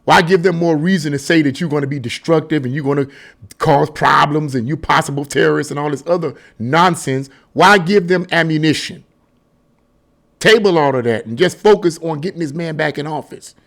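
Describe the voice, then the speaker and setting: A man's voice: on the high side, moderate pace, gravelly, fairly bright tone. Emphatic man giving political commentary. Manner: emphatic, repetitive, restarts and paraphrases often. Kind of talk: casual solo commentary.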